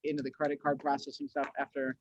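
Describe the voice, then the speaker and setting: Slangy, fast-talking man on a dull line. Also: mid-range voice, completely flat delivery. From New England, US. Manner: fast, loose, slangy talk full of "dude" and restarts. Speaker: podcast guest, agency owner. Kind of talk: casual interview chat. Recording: dull, dry lo-fi audio.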